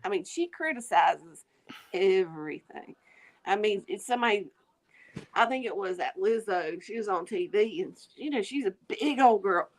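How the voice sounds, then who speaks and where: A woman's voice: mid-range voice, expressive, moderate pace. A woman with an American Southern accent, a guest in a casual chat, sharing blunt teasing anecdotes.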